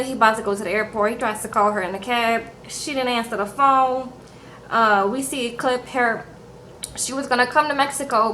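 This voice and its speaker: A young woman recapping reality TV episodes in a sassy, animated vlog chat, acting out people's lines. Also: fairly high pitch, slight background noise, rough recording. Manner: sassy, animated, acts out quotes in put-on voices.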